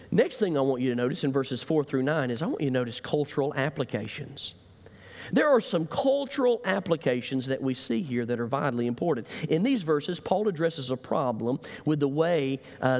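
A man preaching a sermon as pastor, emphatic and repetitive, building to loud calls, in a church sanctuary. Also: fairly high pitch, big-room sound.

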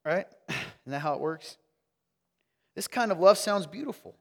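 A man from the South, preaching a sermon and quizzing his congregation, swinging between loud emphasis and hushed asides. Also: fairly high pitch, moderate pace, creaky, big-room sound. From American South. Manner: energetic, questioning the crowd, wide swings from loud to hushed. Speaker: pastor. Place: church sanctuary.

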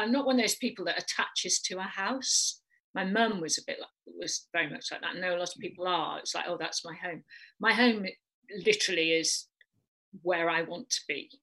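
Bright husky North Welsh woman. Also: medium pitch, low-quality recording. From North Wales. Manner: chatty, rambling, animated asides. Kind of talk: casual chat.

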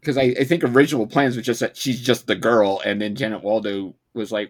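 A man co-hosting a podcast, talking casually in a chatty, halting way with frequent laughs. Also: on the low side, little pitch movement. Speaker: podcast co-host.

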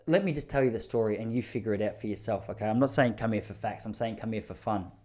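A man's voice: fairly low pitch, fast talker, darkish tone. A man with an Australian accent telling comic stories in a chatty, rambling, self-mocking way. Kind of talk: casual comic storytelling monologue.

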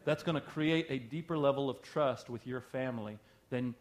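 A man's voice: mid-range voice, normal speed. A middle-aged male pastor preaching a sermon in a conversational, emphatic way, often asking rhetorical questions.

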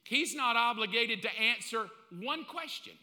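A male pastor preaching a sermon in a blunt, animated way, acting out bits of dialogue as he goes. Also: very high-pitched, a little slow. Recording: long reverb of a large hall.

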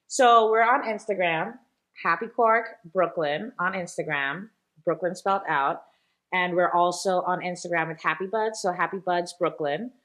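A woman's voice: lowish voice, normal speed, fairly bright tone. A woman guest in a casual interview, a shop owner talking chattily with many fillers and easy laughs.

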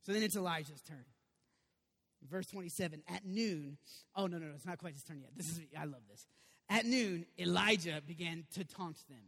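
A man preaching a sermon in an animated, conversational way with sudden loud bursts, in a church sanctuary. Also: on the high side, moderate pace, creaky, husky. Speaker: pastor. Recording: long reverb of a large hall.

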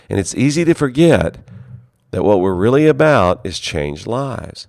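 Man, very deep voice, seminary leader, earnest ministry talk, conversational, dry close sound. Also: very animated, a little slow, creaky, darkish tone, no room sound.

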